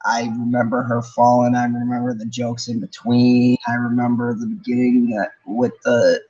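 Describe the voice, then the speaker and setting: Relaxed man on a lo-fi line. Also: mid-range voice, normal speed. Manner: laid-back, ranting, laughs often. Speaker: guest, martial arts teacher. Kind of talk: casual fan chat.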